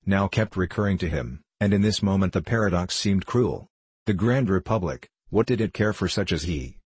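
A man giving scripted narration of a classic novel in a measured, literary storytelling manner. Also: low-pitched, darkish tone, husky, dry recording. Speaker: audiobook narrator.

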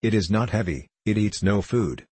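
A man's voice: lowish voice, lively intonation, normal speed, darkish tone, husky, no echo. A man voicing an anguished hunter in a storybook reading, speaking in a pleading way. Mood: pleading, sad. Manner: pleading, emotional speech. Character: anguished young hunter seeking truth.

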